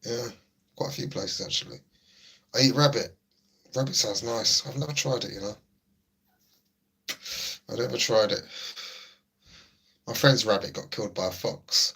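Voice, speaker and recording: A man's voice: medium pitch, moderate pace, creaky, pauses often, sharp tone, husky. A middle-aged man, hosting a laid-back livestream chat and answering his viewers. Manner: chatty, repeats himself, laid-back banter. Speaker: livestream host. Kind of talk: casual livestream chat, reading chat.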